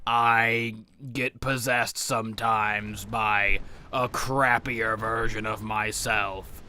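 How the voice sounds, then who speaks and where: A man's voice: on the low side, steady tone, takes it slowly, pushed and bright, soft background music, voice pushed down, heavily acted. A man voicing an ancient, weary evil spook who groans profane, self-pitying complaints over video game play. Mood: morose. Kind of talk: in-character commentary over video games.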